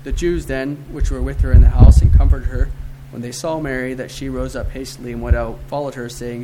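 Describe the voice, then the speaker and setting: A man reading scripture aloud and then a devotional poem, in a measured, earnest way with soft dips in volume. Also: mid-range voice, steady tone. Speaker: devotional reader. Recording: noisy recording with clicks.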